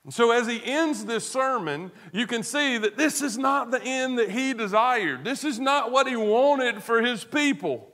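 A man preaching a sermon as pastor, earnest, moving between hushed tones and emphatic stress, with rhetorical questions. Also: very high-pitched, expressive, unhurried, hardly any pauses.

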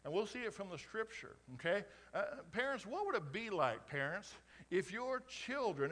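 A middle-aged pastor from Colorado with a slight Oklahoma twang, preaching conversationally and climbing to emphatic peaks. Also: male voice, high-pitched, sing-song, normal speed, hardly any pauses, a bit bright. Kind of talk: sermon.

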